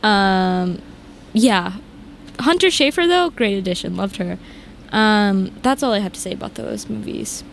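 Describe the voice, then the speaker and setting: A young woman co-hosting a casual chat, ranting animatedly with lots of "like" and big jumps in pitch. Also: expressive, measured pace, gravelly, a little hiss or hum. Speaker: podcast co-host.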